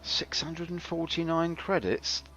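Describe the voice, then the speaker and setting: A man's voice: fairly high pitch, measured pace, a bit bright. A man commenting on his game live, chatty, wry and self-mocking. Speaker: game streamer. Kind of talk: casual live-stream commentary. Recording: slightly dull stream audio with faint game music.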